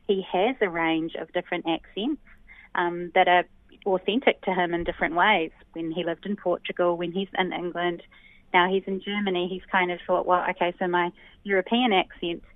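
The linguist guest from New Zealand has a lowish voice and steady tone, with no echo on the dry, tinny phone line. Her interview answers are explanatory and measured, thoughtful in manner, with frequent ums.

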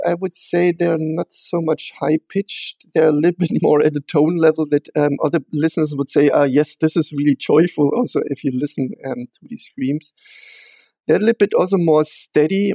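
A man being interviewed about his research, speaking in a measured way with frequent fillers and restarts. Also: on the high side, gravelly, darkish tone, no echo.

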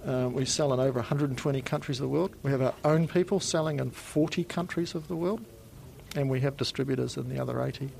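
A man's voice: mid-range voice, quick pace, vocal fry, a little mellow, slight background noise, poor audio. A man with a New Zealand accent patiently explains technical equipment on a factory tour, with frequent ums. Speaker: company spokesperson giving a tour. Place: factory and laboratory.

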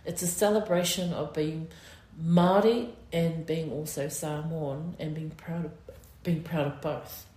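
A middle-aged woman with a New Zealand accent, speaking in an interview with many fillers, emotional and halting. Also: low-pitched, steady tone, warm tone. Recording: roomy echo.

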